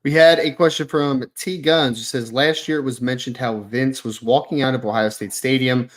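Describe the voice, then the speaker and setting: A man's voice: medium pitch, steady tone, moderate pace. A man co-hosting a casual sports podcast, agreeing readily and repeating his points. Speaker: podcast co-host.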